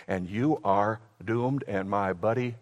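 A male pastor preaching a sermon emphatically, his delivery swinging from loud declarations to hushed lines. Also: lowish voice, slow pace, big-room sound.

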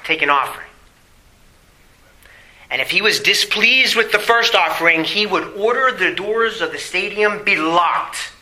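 A man preaching a sermon in a bright, sharp, somewhat high voice. He presses his points with rhetorical questions and reads scripture with emphasis, then drops into quieter asides. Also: lively intonation, a little slow, poor audio. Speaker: pastor.

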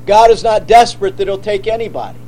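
High-voiced emphatic male preacher. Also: quick pace, rough recording. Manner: forceful, emphatic preaching with rhetorical questions. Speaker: pastor. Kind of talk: sermon.

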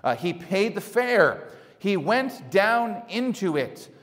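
A man preaching a sermon as pastor, speaking in an animated way and asking his congregation rhetorical questions. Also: high-pitched, slow pace, faint music behind. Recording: long hall reverb.

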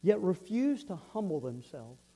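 A man's voice: high voice, big pitch swings, normal speed, warm tone, rough recording. A man pastor preaching a sermon, earnest and storytelling, often repeating words as he goes.

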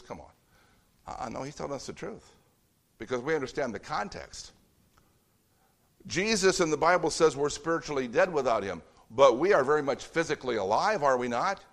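A man delivering a sermon in a loose, conversational way. He talks to the congregation directly and slips into other voices when he acts out scenes. His pitch sits in the middle range for a man. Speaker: pastor.

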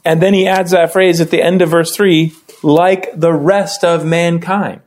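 A man runs a casual Bible study with easy conversational talk, calling on members of the group by name to read. His voice keeps lifting higher as he warms to an explanation. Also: unhurried. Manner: lively, often rising in pitch when explaining. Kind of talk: casual classroom teaching.

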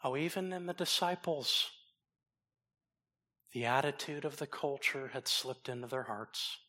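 A man preaching a sermon, swinging from loud emphasis down to low, soft asides. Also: unhurried. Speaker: pastor.

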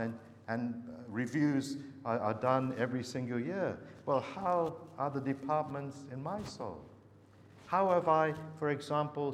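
A male preacher delivers a sermon, pressing his listeners with one searching question after another and stopping often on small hesitations. His voice has a middle pitch and carries a long reverb, as if heard in a large hall, with faint noise in the background. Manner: earnest, searching rhetorical questions with many hesitations.

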